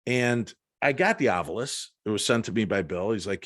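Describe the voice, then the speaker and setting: A man's voice: lowish voice, moderate pace, no echo, clean studio sound. A man, a paranormal investigator, telling an anecdote as a podcast guest and acting out the quoted lines. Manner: animated storyteller acting out quotes. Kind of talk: storytelling in a podcast interview.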